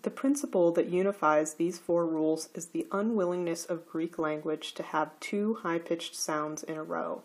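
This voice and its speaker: A woman teaching a recorded slide lecture, explaining grammar rules slowly and carefully. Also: fairly low pitch, a little mellow.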